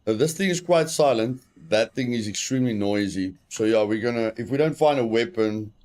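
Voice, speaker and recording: British male streamer, casual live commentary, mid-pitched, repeats himself while he plays. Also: animated, brisk, a little mellow. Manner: repeats phrases to himself, chatty with chat. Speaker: game streamer.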